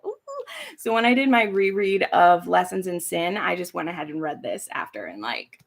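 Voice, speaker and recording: A woman's voice: fairly low pitch, animated, fairly quick, creaky. A woman hosting a casual live stream, chatting in a rambling way, swearing freely and laughing easily. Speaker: booktube host. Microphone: streaming from home setup.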